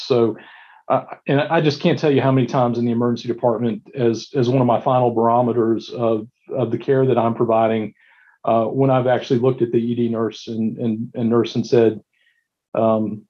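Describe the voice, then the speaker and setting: A man's voice: mid-range voice, flat delivery, a little fast, warm tone, highs cut off. A male emergency physician telling stories from his shifts, with many restarts and fillers. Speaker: emergency physician, medical director. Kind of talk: recounting stories in a panel discussion.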